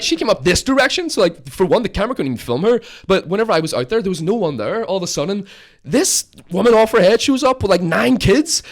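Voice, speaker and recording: A young man with a Belfast accent, a podcast guest telling an animated story with lots of swearing and fillers. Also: fast talker. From Northern Ireland. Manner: animated storyteller, acts out quotes in a shrill voice; swears freely, many fillers. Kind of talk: casual chat.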